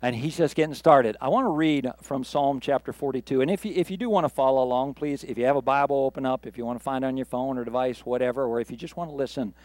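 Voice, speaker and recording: A man's voice: mid-range voice, fast, hardly any pauses, a little mellow, no room sound. A man preaching a sermon from the pulpit, reading scripture and building earnestly to emphatic peaks. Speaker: pastor.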